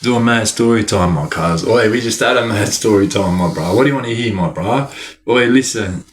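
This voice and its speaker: A man's voice: lowish voice, brisk. A man livestreaming, telling rambling stories to his chat in heavy slang and laughing often. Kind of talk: casual storytelling to a live chat.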